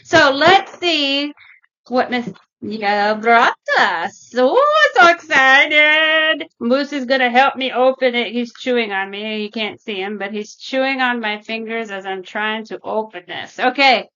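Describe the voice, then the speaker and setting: A woman hosting her craft channel, chatting excitedly and gushing as she opens a mystery box. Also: a little high, a little slow, smooth, dull audio. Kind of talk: casual unboxing vlog.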